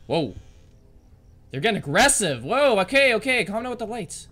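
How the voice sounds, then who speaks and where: Guy yelling and cursing at a horror game, kinda high voice that jumps all over, faint game music behind. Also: sing-song, moderate pace. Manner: frantic, swearing, barking orders at the game. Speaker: gamer. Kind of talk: let's play commentary.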